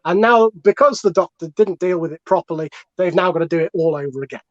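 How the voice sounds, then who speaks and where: On a comic podcast, a comedian with a high voice talks fast while making a rambling, profanity-laced argument full of digressions. The sound is dry, dull and lo-fi, with no echo.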